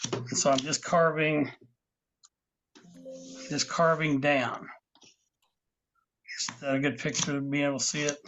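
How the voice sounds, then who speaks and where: Man, woodcarving instructor, slightly high voice, patient step-by-step explaining, live online class, muffled lo-fi call audio. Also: a bit bright, a little hiss or hum. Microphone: video call. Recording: dull lo-fi video call audio.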